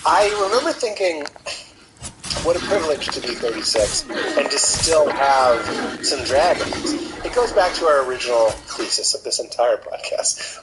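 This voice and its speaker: Man, 30s, podcast host; earnest, encouraging, mid-pitched, clear noise under the track. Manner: earnest, motivational, thinking aloud. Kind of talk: casual reflective chat.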